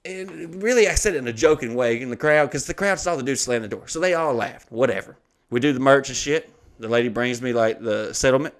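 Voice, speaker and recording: Brief: male comedian host, mid pitch, heated and profane anecdote delivery. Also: fairly quick. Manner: heated, swearing, acts out quoted people.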